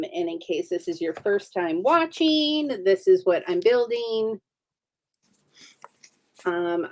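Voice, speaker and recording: A woman hosting a casual livestream chat, upbeat and chatty with frequent ums. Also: mid-range voice. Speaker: livestream host.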